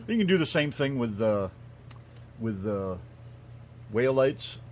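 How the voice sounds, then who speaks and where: A laid-back American man co-hosting a small internet radio show. He rambles in a loose, chatty way, and his pitch swings widely. A faint hiss sits under the voice. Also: big pitch swings, slow, a little mellow. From United States. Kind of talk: casual radio chat.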